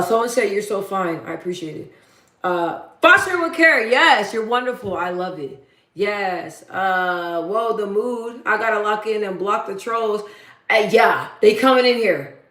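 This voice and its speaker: A woman hosts her own livestream in a deep, bassy voice with a mid-range pitch. She talks casually and bluntly, matter-of-fact, circling back over her points for emphasis. The room adds a noticeable echo. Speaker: livestream host. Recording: roomy echo.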